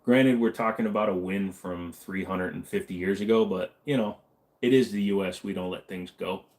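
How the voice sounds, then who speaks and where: A man's voice: low voice, moderate pace, a little mellow. Man rambling through a joking chat. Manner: rambling, joking, reads chat messages aloud. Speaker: livestream host. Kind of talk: casual livestream Q&A chat.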